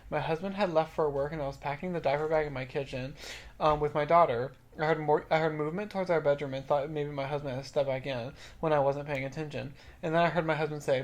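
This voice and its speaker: A woman, co-hosting a podcast, chatting casually and reading spooky stories aloud, swearing now and then. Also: low-pitched. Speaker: podcast co-host.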